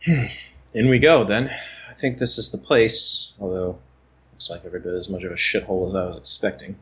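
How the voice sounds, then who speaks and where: A man's voice: deep voice, a little fast, fairly bright tone, breathy edge. A man playing a tabletop role-playing game, chatting in character with exasperated asides. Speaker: player. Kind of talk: casual chat in character.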